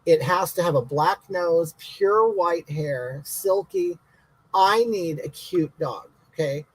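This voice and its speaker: Man doing a brash elderly lady, comic livestream, high swooping voice, blunt indignant rambling. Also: expressive, slow pace, dry recording, rough recording. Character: brash bigoted elderly woman chatting live. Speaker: livestream host answering comments.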